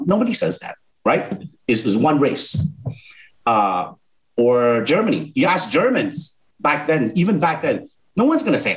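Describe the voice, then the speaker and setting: Animated, worked-up male commentator. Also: mid-range voice, brisk, rough recording. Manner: worked up, repeats words when excited. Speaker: talk show host. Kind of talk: heated political commentary.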